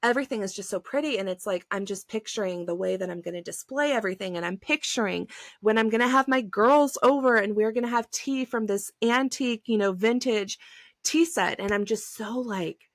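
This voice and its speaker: A woman's voice: medium pitch, brisk, no room sound, studio quality. A woman in her thirties hosting a solo podcast, talking in a chatty, effusive way, full of "like" fillers and emphatic bursts. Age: 30s. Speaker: podcast host. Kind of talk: casual solo podcast talk.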